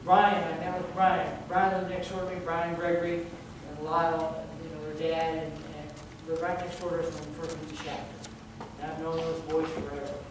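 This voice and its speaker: A man's voice: fairly high pitch, little pitch movement, moderate pace, hardly any pauses. A male pastor preaching a sermon in a conversational way, often restarting and repeating words as he goes. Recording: very echoey hall, distant mic, background noise.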